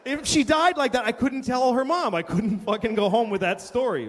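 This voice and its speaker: A middle-aged man doing a stand-up routine, with a profane, deadpan confessional delivery. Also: very high-pitched, normal speed, few pauses. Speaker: stand-up comedian. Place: large hall before a live audience. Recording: long hall reverb with background noise.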